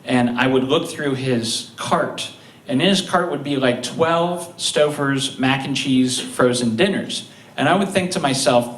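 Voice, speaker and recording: A man telling funny stories on stage at a live show, chuckling through them with halting restarts. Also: mid-range voice, fairly bright tone. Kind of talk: live comedic storytelling. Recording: roomy, distant live-stage mic.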